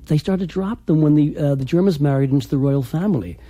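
A man, a dialect coach, explaining accents in an interview, halting and repeating words as he demonstrates sounds. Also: on the high side, dark tone, dry recording.

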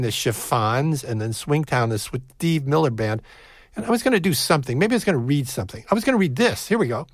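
A man's voice: mid-range voice, no room sound. Chatty male radio DJ, dry close sound. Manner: chatty and self-mocking, jumps between offhand asides and a formal announcer read. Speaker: radio show host. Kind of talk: casual radio DJ patter and a read-out promo. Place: radio studio.

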